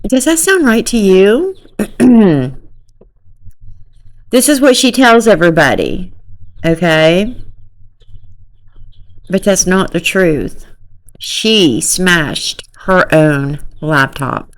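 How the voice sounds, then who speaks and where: A woman's voice: on the low side, sing-song, drawn-out words, pauses often. A woman giving casual, exasperated commentary on a true crime case, talking emphatically and incredulously. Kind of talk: casual commentary reacting to a clip.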